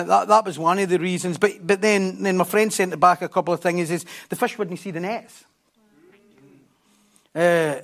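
A preacher with a fairly high voice delivers his sermon in a lively, conversational way. He breaks off for jokey asides and swings between hushed, quiet phrases and loud, excited stretches.

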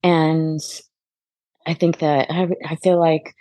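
A woman guest telling family stories in casual chat over a video call, animated and often laughing. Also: low voice, takes it slowly, no room sound. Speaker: podcast guest.

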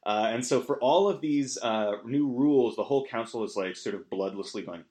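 A man's voice: mid-range voice, lively intonation, normal speed, hardly any pauses, a little mellow. Rambling sarcastic man recapping a movie. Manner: rambling, sarcastic, lots of fillers and asides. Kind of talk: casual comedic movie recap.

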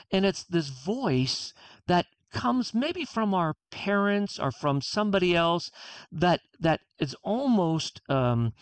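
A man's voice: high voice, big pitch swings, slow pace, smooth, dry recording. An author being interviewed, a man speaking earnestly and acting out his own inner self-talk. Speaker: author guest. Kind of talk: interview conversation.

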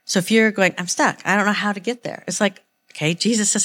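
A woman's voice: mid-range voice, fairly even intonation, quick pace, a bit bright. A woman giving an informal sermon, earnest and rambling, with many "like"s and restarts. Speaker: church speaker.

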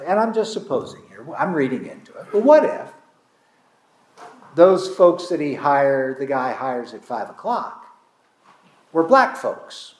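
Male pastor, slightly high voice, casual storytelling sermon, big dramatic emphasis, roomy reverb. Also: a little mellow. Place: congregation hall. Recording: echoey room.

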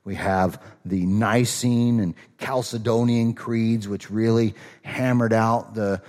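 A man's voice: lowish voice, steady tone, takes it slowly, a little mellow. A middle-aged man from Minnesota with a slight Southern accent, preaching a conversational sermon as a pastor, with casual asides and a voice that rises on emphatic points.

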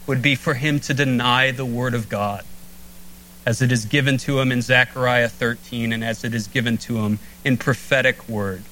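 A man preaching a sermon as pastor, earnest, slowing and dropping low on key phrases. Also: sharp tone, slight background noise, rough recording.

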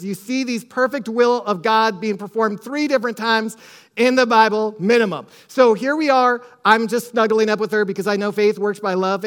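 Very high-voiced preaching man. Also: fairly bright tone. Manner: emphatic preaching with repetition and scripture references. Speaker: pastor. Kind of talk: sermon.

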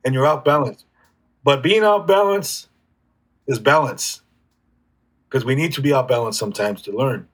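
Man, husky voice, reflective, halting speech, lots of restarts, interview guest. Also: mid-range voice. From United States. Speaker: guest healer. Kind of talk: casual conversational interview.

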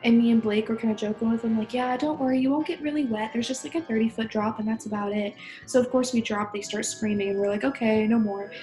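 A woman's voice: fairly high pitch, steady tone, fast talker, warm tone, faint music behind. Giggly woman in an echoey room. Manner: giggly storyteller. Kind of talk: casual podcast chat.

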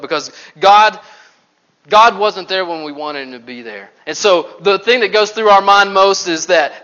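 A man preaching a sermon, telling stories with animated swings from loud to hushed. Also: sits high, dull audio. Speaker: pastor.

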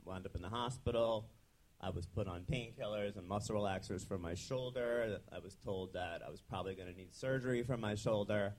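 A young man with a very deep, low-pitched voice speaks as a chiropractor guest in a relaxed interview. He talks casually and loosely, with frequent ums and restarts. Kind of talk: conversational interview.

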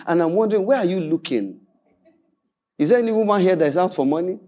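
A man preaching an animated sermon as pastor, playfully mimicking people and repeating declarations. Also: high voice, quick pace.

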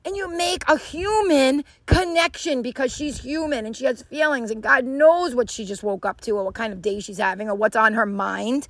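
A woman's voice: a little high, normal speed, hardly any pauses, fairly bright tone, no echo. A woman giving a casual motivational talk to camera, emphatic and repetitive, often acting out little scenes in quoted voices. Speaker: life skills vlogger.

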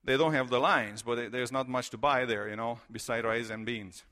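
In a bright, forceful mid-range voice, a Romanian-accented pastor from Romania, middle-aged, preaches to his church at a moderate pace with fairly even intonation. The sermon is conversational storytelling, thick with fillers.

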